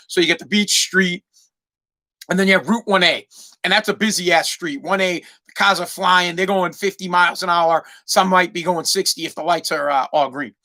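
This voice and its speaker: A man, hosting a podcast and telling a profane, animated story with many restarts. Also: high-pitched. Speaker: podcast host. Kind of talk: casual storytelling monologue.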